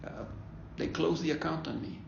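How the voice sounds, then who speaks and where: A man's voice: a little high, moderate pace, creaky, heavy background noise. A man leading a faith-based bereavement talk, conversational, often repeating himself and checking in with "okay?". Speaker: grief ministry leader. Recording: echoey room, dull lo-fi sound.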